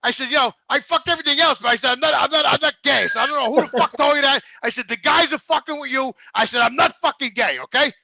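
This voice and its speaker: Loud, foul-mouthed, gravelly man. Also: very high voice, fast, hardly any pauses, dry recording. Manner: loud, foul-mouthed storyteller acting out quoted dialogue. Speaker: podcast co-host. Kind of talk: profane comedic rant.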